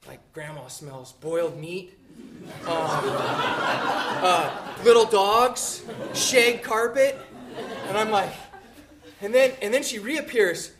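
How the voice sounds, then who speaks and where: A man in his fifties from Montana tells a personal story on stage, animated and swinging from bursts of energy to hushed low asides. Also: slight background noise.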